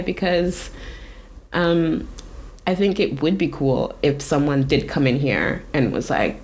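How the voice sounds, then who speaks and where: A woman from Canada, a tattoo artist guest, telling her story in a relaxed, casual way, full of likes and ums and acted-out quotes. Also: low-pitched, slow, husky.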